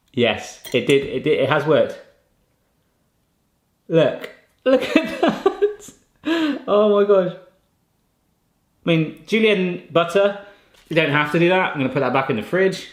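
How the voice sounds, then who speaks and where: A man, testing kitchen gadgets at home in casual chat and often bursting into excited exclamations. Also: fairly high pitch, echoey room.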